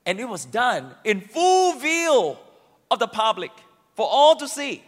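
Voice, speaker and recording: A man preaching a sermon, animated and calling on the congregation to answer back. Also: extremely high pitch, unhurried, long reverb tail. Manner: animated, asks the congregation to respond.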